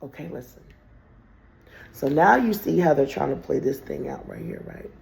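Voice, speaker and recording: A woman's voice: low-pitched, expressive, moderate pace, vocal fry, darkish tone, a little hiss or hum. A woman telling a rambling, profane story straight to her viewers in a casual monologue.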